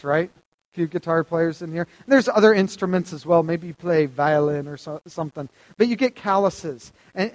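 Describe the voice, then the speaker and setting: A man's voice: high-pitched, long reverb tail. A man preaching a sermon to a live audience, conversational and asking them questions. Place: hall with stage lights.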